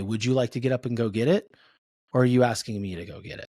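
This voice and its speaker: A man hosting a podcast in casual conversation, acting out family exchanges in an animated way. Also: mid-range voice, fast, no echo, studio quality. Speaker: podcast host.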